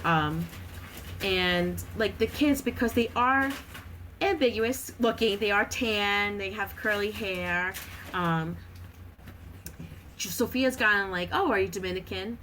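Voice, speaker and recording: A woman's voice: mid-range voice, slow pace, long pauses, fairly bright tone, a little hiss or hum, low-quality recording. A woman in her thirties, a podcast guest chatting casually with lots of fillers and frequent laughter.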